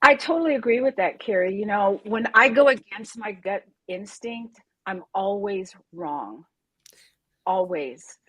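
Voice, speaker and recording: A soft-spoken woman, a Pilates instructor, speaking earnestly in a conference panel conversation and laughing often. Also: medium pitch, lively intonation, a little slow, breathy edge, no room sound.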